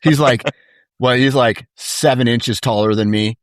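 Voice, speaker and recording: A man in casual conversation, telling anecdotes in a laid-back, animated way and saying "dude" often. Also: medium pitch, a little slow, dry recording, studio quality. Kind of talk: casual chat.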